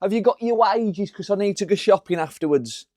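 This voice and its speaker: A man's voice: high voice, fairly quick, dark tone, no echo, clean studio sound, pitched above the performer's own voice, natural voice. A man voicing a busy housewife asking her husband about his wages, in a fussing, nagging way. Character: busy hungry-family housewife, woman.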